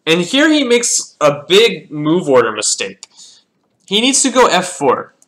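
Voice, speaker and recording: A man's voice: high voice, wildly swooping pitch, unhurried, a bit bright, a little hiss or hum. A man casually reviewing his own chess games, thinking aloud as he calls out the moves and often repeating words. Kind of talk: casual game analysis.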